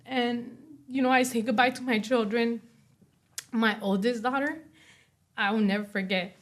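A young woman speaking as an interview guest, giving a personal testimony in a soft voice full of "you know" and "like". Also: on the high side, moderate pace. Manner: soft-spoken, many fillers like "you know" and "like".

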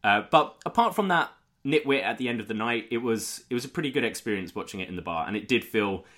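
A man's voice: medium pitch, fast talker. A man hosting a casual podcast, telling stories with energy. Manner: energetic storyteller, lively. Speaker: podcast host.

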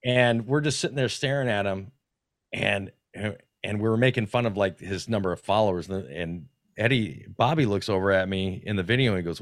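A man's voice: on the low side, fairly quick, no room sound. Casual podcast guest, male, swears freely, dry mic. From North Carolina. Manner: animated, profane, restarts often. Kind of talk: casual storytelling.

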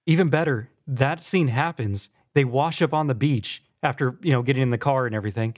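A man's voice: mid-range voice, brisk. A man hosting a podcast in casual chat, telling stories in an easygoing way and moving the show between segments. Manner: easygoing storyteller, runs the segments. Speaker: podcast host.

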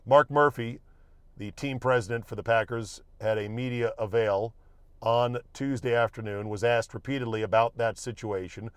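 A man's voice: mid-range voice, dry recording. Male podcast host, casual wry monologue, mid-range voice, dry sound. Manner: wry, joking, offhand, with swearing.

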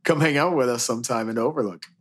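Man, playful, joking, casual podcast banter, mid-pitched voice. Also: fast talker. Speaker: podcast co-host, bartender. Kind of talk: casual chat.

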